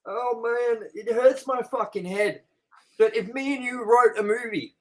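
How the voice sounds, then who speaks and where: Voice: medium pitch, a little slow, fairly bright tone. A movie-review co-host in casual chat, ranting with exasperation and plenty of swearing.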